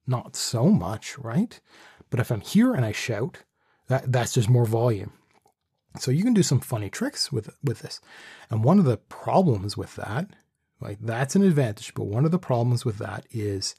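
Man, dark husky voice, dry close studio mic, rambling casual gear talk. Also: mid-range voice, no echo. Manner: rambling, thinking aloud with restarts. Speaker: vlogger reviewing his microphone setup. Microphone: studio condenser microphone with pop screen.

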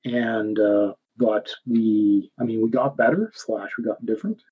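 A man's voice: on the low side, fairly even intonation, unhurried, husky, phone-quality sound. A man with a Canadian accent chatting casually, rambling and correcting himself as he goes. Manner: rambling, self-correcting, laughs often. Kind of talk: casual chat.

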